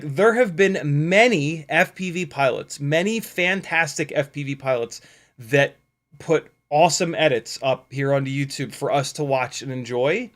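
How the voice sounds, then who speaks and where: Profane sarcastic male streamer, higher-pitched. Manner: profane, sarcastic, laughing, animated swings in loudness. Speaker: YouTube host. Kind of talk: casual livestream rant.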